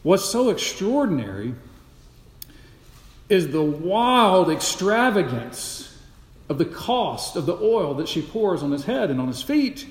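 A male pastor preaching an expository sermon with dramatic storytelling, swinging from loud to hushed. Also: high-pitched, very animated, takes it slowly. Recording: echoey church hall.

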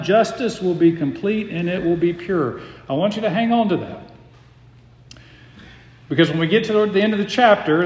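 A man preaching an expository sermon as pastor, measured and emphatic, slowing down to stress key phrases. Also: high-pitched, roomy sound, long reverb tail.

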